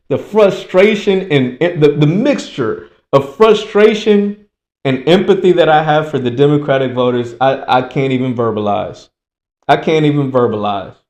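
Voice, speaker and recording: A man giving casual political commentary, emphatic and repetitive, slowing down to stress points. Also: a little high, darkish tone.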